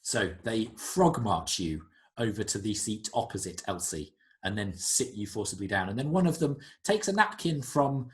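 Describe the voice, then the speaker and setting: A man narrating as game master, describing scenes in an unhurried, descriptive way. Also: on the low side, animated.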